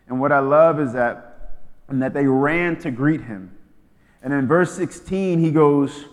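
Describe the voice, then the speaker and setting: A slightly high-voiced man preaches a sermon in a casual, slangy way. He swings between loud, emphatic lines and soft, hushed asides. His voice rings with the long reverb of a big hall. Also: animated, measured pace.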